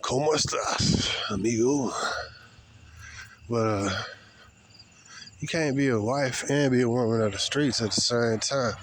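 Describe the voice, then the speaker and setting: A man's voice: mid-range voice, moderate pace, a little hiss or hum. Blunt man rambling outdoors. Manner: blunt, rambling, with many fillers and repeats. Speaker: vlogger. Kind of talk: opinionated monologue. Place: outdoors, walking past people.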